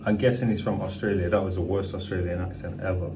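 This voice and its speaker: A man's voice: low voice, fairly even intonation, quick pace, noisy background. A young British man hosting a music reaction video, talking in a casual, slangy way and swearing freely. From United Kingdom. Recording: distant mic with rap track playing. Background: hip hop music.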